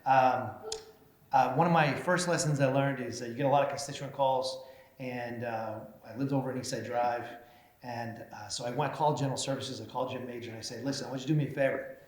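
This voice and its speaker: A man's voice: medium pitch, fairly even intonation, quick pace. A middle-aged man giving a humorous speech, telling self-deprecating stories full of fillers and acted-out voices. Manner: self-deprecating, acts out voices in his anecdotes, many fillers. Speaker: mayor giving an award speech. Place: banquet hall at a chamber of commerce meeting. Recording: roomy hall with faint noise.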